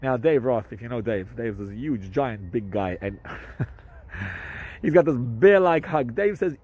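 Male rabbi, husky, mid-pitched, animated storyteller with hesitant restarts. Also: takes it slowly, low-quality recording. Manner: animated, jumps up in pitch for quoted speech; hesitant restarts with many fillers. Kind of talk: storytelling to camera.

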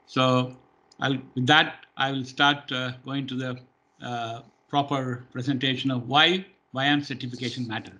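A man's voice: mid-range voice, little pitch movement, measured pace, pushed and bright, slight background noise. A man giving a webinar presentation on professional certification, explaining in a plain way with many fillers. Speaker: webinar presenter, training firm head.

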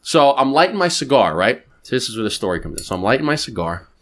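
A man hosting a podcast, telling a story in a casual, animated way, swearing freely and adding quick asides. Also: medium pitch. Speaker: podcast host.

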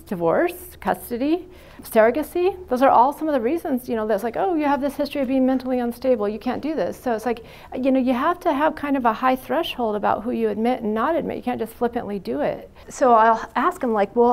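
Frank, gravelly middle-aged woman lecturing. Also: on the high side, a little mellow. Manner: frank, chatty, anecdotal, many "you know" fillers. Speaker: psychiatric nurse lecturer. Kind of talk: university lecture. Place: university classroom.

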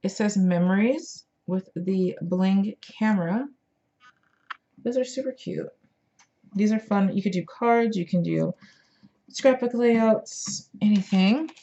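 Woman craft vlogger, tired and chatty, unhurried lower voice on a lo-fi mic. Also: mellow. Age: adult parent. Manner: chatty, enthusiastic, many fillers. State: tired, yawning. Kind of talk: casual show-and-tell.

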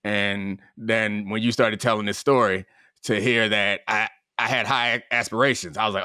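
A man's voice: lowish voice, steady tone, normal speed, pushed and bright, no echo. Wry, teasing man on a dry mic. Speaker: podcast co-host. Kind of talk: casual sports talk banter.

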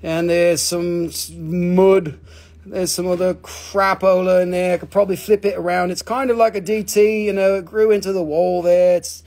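A man with a mixed Australian and Northern English accent, hosting a casual live crystal sales stream, excitable and rambling, swearing freely. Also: high-pitched, moderate pace.

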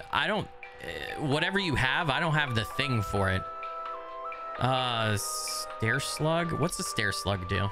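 A man giving casual, profane let's-play commentary, rambling and mocking himself as he plays. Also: medium pitch. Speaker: gaming YouTuber.

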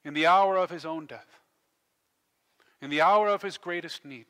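A male pastor delivers a sermon with a high, bright, forceful voice. He swings from hushed near-whispers to ringing proclamations, and a long reverb trails his words around the church. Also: moderate pace, pauses often. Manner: impassioned, swinging between hushed and loud delivery.

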